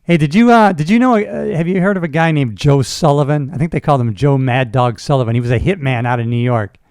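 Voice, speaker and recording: A man hosting a casual interview, talking in a relaxed way with frequent fillers and affirmations. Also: a little high, fast, clean tone, no room sound, clean studio sound. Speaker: podcast host, retired sheriff's deputy.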